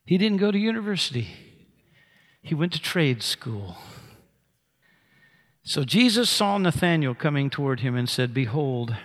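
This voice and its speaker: A man's voice: on the high side, very animated, normal speed, long pauses, fairly bright tone. A pastor preaching a sermon, acting out the scripture dialogue with big swings in his voice.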